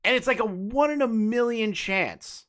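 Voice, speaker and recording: A man's voice: very high voice, moderate pace, a bit bright. A young man hosting a casual call, talking bluntly and rambling with plenty of profanity. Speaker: streamer host.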